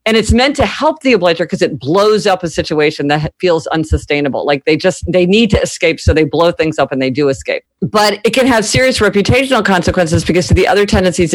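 A woman's voice: fairly low pitch, no echo. Articulate woman expert on a podcast, springs into quoted voices; dry, close mic. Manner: articulate, acts out quoted people in lively voices. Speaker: author and guest expert. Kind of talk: podcast interview, explaining.

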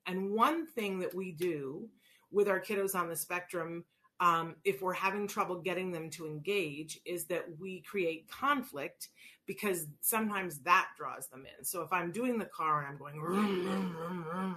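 A middle-aged woman telling stories casually, acting out voices as she talks about play and children on the autism spectrum. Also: on the low side. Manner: animated, acts out voices in anecdotes. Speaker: parent educator on autism. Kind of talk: casual storytelling talk.

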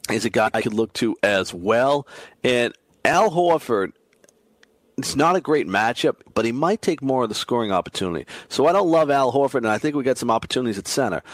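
A man talking through his daily fantasy basketball picks in an excitable, emphatic way. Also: dry recording. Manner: excitable, emphatic, frequent pitch jumps. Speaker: fantasy sports analyst.

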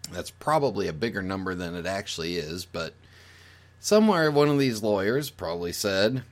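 As a podcast guest, a man gives his opinion in a casual, explanatory manner, thinking aloud with fillers and restarts. His voice sits low and is expressive, moving at normal speed.

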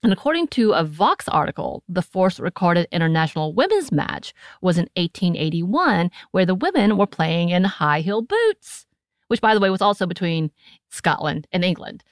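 An American woman co-hosting a podcast in a casual chat, animated and laughing often, recorded close to a studio mic. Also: lowish voice, normal speed, dry recording. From United States. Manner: chatty and animated, often laughing, breaks into put-on voices. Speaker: podcast co-host.

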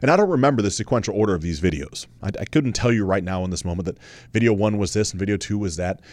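A man in his thirties with a fairly low voice tells his own story on his podcast. He speaks candidly and earnestly, repeats phrases for emphasis and swears now and then. The sound is dry and close, with no room around it. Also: fast talker, darkish tone, no echo. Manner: candid, conversational, swears casually. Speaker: podcast host. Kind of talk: personal storytelling monologue.

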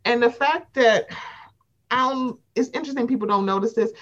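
A woman's voice: on the high side, moderate pace, muffled recording. A woman chatting casually, animatedly acting out other people's lines in playful voices and swearing freely. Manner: animated, acts out quotes with playful voices, profane. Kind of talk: casual chat recapping reality TV.

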